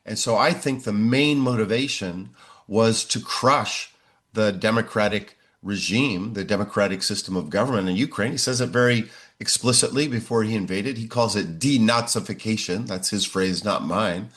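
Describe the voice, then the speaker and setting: A man in his sixties, a professor answering interview questions in a measured way, often pausing on "uh". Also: lowish voice, a bit bright. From United States. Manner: measured, frequent "uh" fillers.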